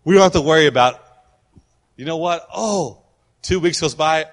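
A man's voice: fairly high pitch, normal speed, long pauses. A man preaching as a pastor, telling a story and acting out the voices of the people in it. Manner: animated, acts out voices of people in his stories. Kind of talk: sermon with storytelling. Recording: long hall reverb with loud music behind. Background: musicians playing.

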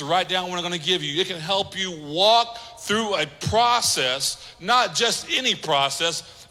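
A pastor preaching an emphatic, repetitive, conversational sermon. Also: male voice, high-pitched, sharp tone, in a large hall.

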